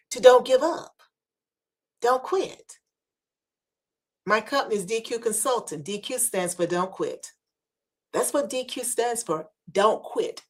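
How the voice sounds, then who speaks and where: Woman, podcast host, motivational talk, earnest, preacher-like, hushed asides, video call. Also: medium pitch, slightly rough.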